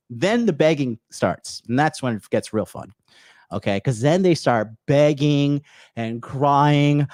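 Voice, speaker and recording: A man's voice: medium pitch, darkish tone, no room sound, studio quality. Blunt, foul-mouthed male livestream host. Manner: blunt and profane, heavy swearing; addresses viewers as bros, reads chat aloud. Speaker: livestream host giving dating advice. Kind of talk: unscripted livestream rant.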